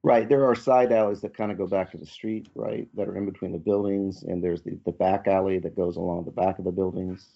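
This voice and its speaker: Low gravelly game master, muffled audio. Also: male voice. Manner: relaxed, halting narration with fillers. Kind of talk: narrating a tabletop game.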